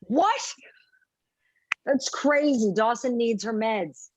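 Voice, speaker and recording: A woman reading the part of a calm, unreadable female prison officer in an amateur live script reading over a video call, with a flat, undramatic delivery. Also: a little high, slow pace, highs cut off, slight background noise. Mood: level. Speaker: script reader.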